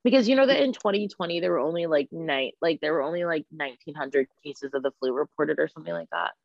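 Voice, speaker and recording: Young New Jersey woman, low voice. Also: fast, gravelly, no echo. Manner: chatty, animated storytelling with lots of "like". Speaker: podcast co-host. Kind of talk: casual chat. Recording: dry, dull lo-fi sound.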